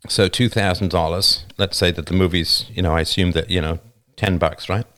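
Deep-voiced man hosting a livestream. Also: fairly even intonation, a little fast, a bit bright. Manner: emphatic, keeps asking "right?". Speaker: livestream host. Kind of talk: casual livestream monologue. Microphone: new studio microphone.

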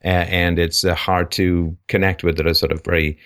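A man's voice: deep voice, flat delivery, moderate pace, a bit bright, smooth. A man hosting a call-in show, talking frankly in a casual, opinionated way and repeating words as he thinks aloud.

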